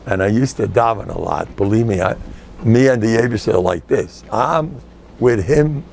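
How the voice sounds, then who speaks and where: Older rabbi with a gravelly voice. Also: male voice, lowish voice, animated, moderate pace, darkish tone, slight background noise. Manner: joking, storytelling, acts out quoted people. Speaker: rabbi giving a lecture. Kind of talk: humorous lecture with stories. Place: room with a live audience.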